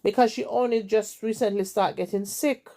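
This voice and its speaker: Jamaican woman host with a gravelly voice, retelling gossip with emphatic, repetitive drama. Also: medium pitch, steady tone, normal speed, warm tone. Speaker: storytelling host. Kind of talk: retelling a story in casual chat.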